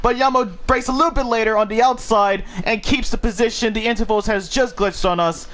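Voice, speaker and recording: A man calling a sim race in a high, bright voice that sits well above the usual male range. He is excitable and gets swept up when the battles heat up. He commentates live on a headset mic. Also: fairly quick. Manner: excitable, gets swept up and laughs at busy moments.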